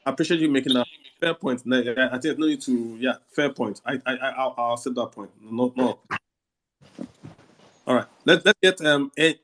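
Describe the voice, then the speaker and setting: A man's voice: medium pitch, moderate pace, fairly bright tone. A Nigerian man hosting a casual audio discussion, blunt and argumentative, firing off rhetorical questions. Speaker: host.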